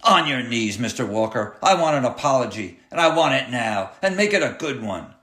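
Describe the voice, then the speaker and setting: In a roomy, echoey space, a man performs a cruel, taunting clown who drives a school bus, barking sneering orders and threats with menace. His mid-range voice is animated, bright and forceful at a moderate pace, pitched above his natural register.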